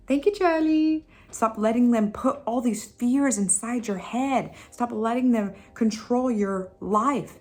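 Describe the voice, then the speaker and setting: A woman vlogger giving casual motivational advice, emphatic and repetitive, laughing at herself now and then. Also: a little high. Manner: playful, laughs at her own impressions. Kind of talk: casual motivational talk to camera.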